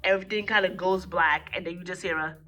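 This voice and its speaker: A woman recapping a film in a casual review vlog, a little hoarse from a cold, animatedly acting out the lines as she goes. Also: fast talker, soft background music. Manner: animated retelling, acting out lines in jumps of pitch. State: hoarse, getting over a cold. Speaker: movie reviewer.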